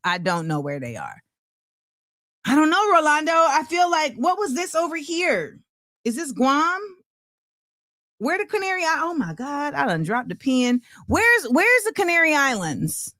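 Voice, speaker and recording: A woman's voice: high-pitched, wildly swooping pitch, measured pace, bright, forceful tone, no room sound, studio quality. A woman hosting a casual livestream show, playful and sing-song, reading out where viewers are watching from. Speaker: host.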